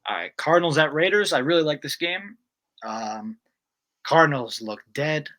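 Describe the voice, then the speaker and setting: A man with a bright, forceful tone co-hosts a relaxed football picks chat. He is brisk and decisive as he runs down the list of games. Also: on the high side. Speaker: co-host. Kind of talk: casual sports picks chat.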